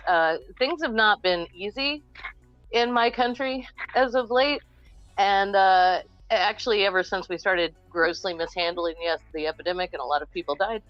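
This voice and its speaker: A woman's voice: medium pitch, a bit bright, dry recording, dull audio. A woman talking candidly and wryly on a casual group call, blunt and open.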